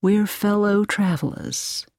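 A woman reading the lines of a cheerful young American man who speaks in a friendly, calm way. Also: fairly low pitch, normal speed, no room sound, clean studio sound, lightly acted.

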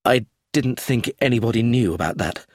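A man's voice: mid-range voice, moderate pace, no echo, clean studio sound, close to an everyday voice. A man reading a storybook, voicing a clumsy, anxious middle-aged businessman who pleads eagerly. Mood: ashamed, pleading.

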